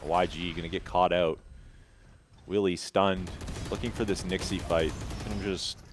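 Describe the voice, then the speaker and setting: A man doing rapid play-by-play commentary as an esports caster, often stammering over restarts. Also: sits low, fairly even intonation, slight background noise. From Canada.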